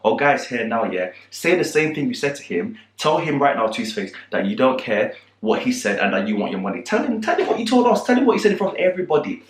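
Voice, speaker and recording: A man putting on an insistent workman pressing hard, repeating his demands in a lively voice. The sound echoes around the room. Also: medium pitch, fast talker, hardly any pauses, lightly acted. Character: pushy male bricklayer, insistent. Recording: roomy echo.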